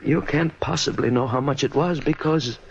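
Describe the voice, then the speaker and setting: Gravelly older man, played by an actor, anxious. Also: mid-range voice, normal speed, lightly acted. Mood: tender. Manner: emotional, pleading, easily frightened. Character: aging man, newly sighted, anxious and superstitious. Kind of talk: old-time radio drama. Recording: dull old radio recording with faint hiss.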